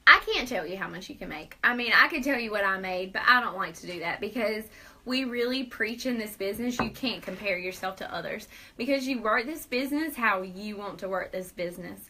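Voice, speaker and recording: A woman's voice: mid-range voice, animated, fairly quick, sharp tone, slight background noise, poor audio. A young woman hosting a live video Q&A, upbeat and persuasive, laughing often. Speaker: host.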